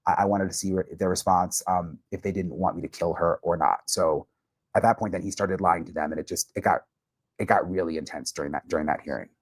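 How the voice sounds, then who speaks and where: A man's voice: low-pitched, fairly even intonation, brisk, breathy edge, no room sound. A male reporter soberly recounting court testimony, with many filler words.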